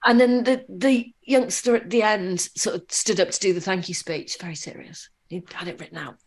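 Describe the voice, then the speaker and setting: Woman podcast guest, animated storyteller, loose and conversational, mid-range voice. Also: medium pitch, moderate pace. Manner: animated anecdotes with frequent fillers and restarts.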